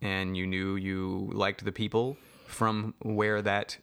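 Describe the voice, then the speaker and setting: A man's voice: fairly low pitch, little pitch movement, slow pace, vocal fry, fairly bright tone, smooth. A man co-hosting a casual chat, wry and often laughing as he explains things. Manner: wry, laughing, breaks into mock voices.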